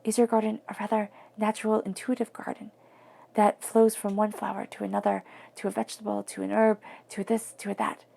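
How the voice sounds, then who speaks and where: A woman giving a tarot reading in a soft, flowing, reflective way, sometimes dropping to near-whispers. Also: mid-range voice, flat delivery, fairly quick, vocal fry. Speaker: tarot reader.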